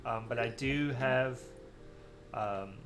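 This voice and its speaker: A man's voice: medium pitch, slow pace, a loud crowd. A man hosting a casual gaming podcast, chatty and teasing, laughing often. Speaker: podcast host. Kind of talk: casual chat.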